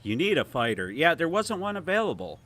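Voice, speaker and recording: A man's voice: fairly high pitch, sing-song, brisk, fairly bright tone. A man with a Toledo, Ohio accent hosting a casual gameplay livestream, chatting loosely and reading viewer comments aloud. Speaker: livestream host.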